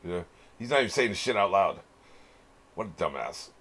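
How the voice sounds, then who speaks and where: Deep-voiced man musing through a reaction. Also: very animated, brisk, a bit bright, slight background noise. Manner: musing aloud, swears casually, chuckles often. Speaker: anime reaction channel host. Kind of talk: casual reaction commentary.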